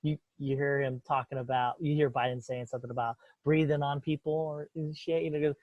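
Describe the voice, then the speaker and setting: Talking fast at a medium pitch, a podcast host keeps his tone steady while he rambles through heated, profane, opinionated chat. There's no echo, and the recording sounds dull, dry and lo-fi.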